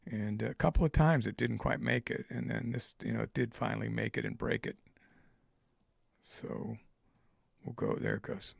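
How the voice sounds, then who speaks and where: Gravelly, husky man thinking aloud. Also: mid-range voice, animated, dry recording, studio quality. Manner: thinking aloud, halting with fillers. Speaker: trader streaming live. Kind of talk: live trading commentary.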